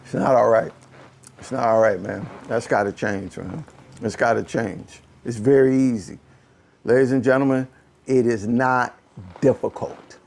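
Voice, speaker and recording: A man hosting a casual political talk show, ranting in an animated, exasperated way, often repeating phrases and swinging from low muttering to a raised voice. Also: a little slow, vocal fry. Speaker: podcast host. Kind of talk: casual political commentary rant.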